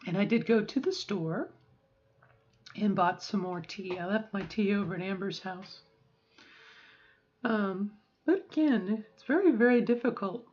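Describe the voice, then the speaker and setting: A middle-aged woman recording a personal video diary at home. She speaks in a reflective, halting way with many fillers and restarts, and her voice sounds strained and sore. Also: medium pitch, slightly rough, muffled recording. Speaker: vlogger.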